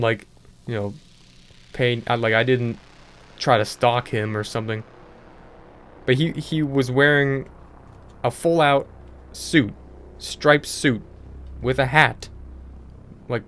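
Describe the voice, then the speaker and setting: A young man hosting a gaming channel, telling a story casually over gameplay, in a rambling way with lots of filler words. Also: mid-range voice.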